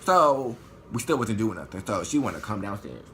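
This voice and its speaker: A man telling a story in a vlog, animated and profane, acting out what people said. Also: fairly low pitch, normal speed, slight background noise. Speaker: vlogger.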